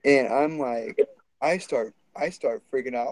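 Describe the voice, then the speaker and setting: A man's voice: medium pitch, a little slow, darkish tone, poor audio. A man telling a story in a casual, rambling and profane way.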